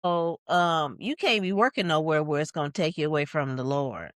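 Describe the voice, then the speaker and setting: This is a devout elderly grandmother, blunt but caring, whose pitch jumps up high in disbelief, performed by a podcaster retelling her words. The voice is close and dry, with no room sound around it. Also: moderate pace, a bit bright, dry recording, natural voice. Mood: advising. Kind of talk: acted quotes in casual podcast chat.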